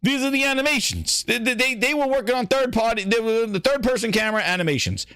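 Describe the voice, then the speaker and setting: A man's voice: very high-pitched, quick pace, sharp tone, smooth, no room sound, clean studio sound. A man hosting a gaming show, riffing in a profane, mocking, rambling way as casual reaction commentary.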